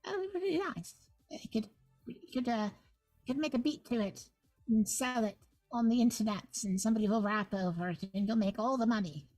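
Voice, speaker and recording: A woman's voice: on the high side, lively intonation, a little fast, darkish tone, dry recording, soft background music, low-quality recording. A woman running a tabletop game as guest game master, chatting in a playful, joking, rambling way on a livestream. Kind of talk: casual livestream chat.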